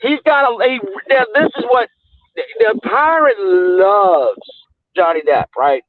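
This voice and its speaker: A man's voice: very high-pitched, lively intonation, unhurried. A man chatting casually on a livestream, rambling and greeting viewers as he goes. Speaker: livestream host. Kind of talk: casual chat commentary. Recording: tinny phone-like, dry.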